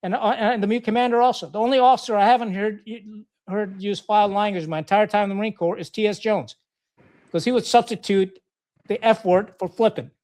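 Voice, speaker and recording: A middle-aged man with a notably high-pitched voice tells a long story as a podcast guest. He is blunt and profane and acts out both sides of old arguments. His delivery is casual and animated. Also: fairly quick. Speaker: podcast guest, retired Marine officer.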